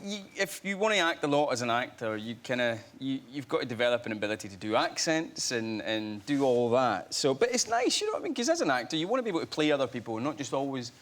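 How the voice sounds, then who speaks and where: A man's voice: mid-range voice, fast, hardly any pauses. A Scottish man in his thirties, a guest actor telling self-mocking stories on a studio chat show. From Scotland. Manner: animated, self-mocking storytelling. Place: TV studio with audience.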